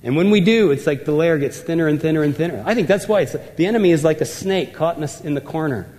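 High-voiced preacher in a reverberant hall. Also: male voice, quick pace, a little mellow. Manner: emphatic, repeats words for effect. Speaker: pastor. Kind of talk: sermon.

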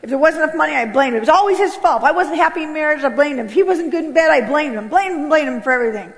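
A high-pitched woman from California tells her life story with raw feeling. She jumps from loud bursts to near-whispered lows, and her voice rings out with a long hall echo. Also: very fast. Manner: animated, swings between loud outbursts and hushed low passages. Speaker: speaker giving a personal testimony. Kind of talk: emotional storytelling testimony.

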